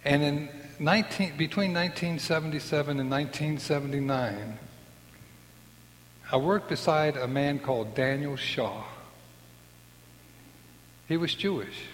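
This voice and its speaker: A man's voice: a little high, unhurried, pauses often. Older man telling his story in a hall. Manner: earnest storytelling, acts out quoted voices. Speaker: testimony speaker. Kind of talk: personal faith testimony. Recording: long hall reverb.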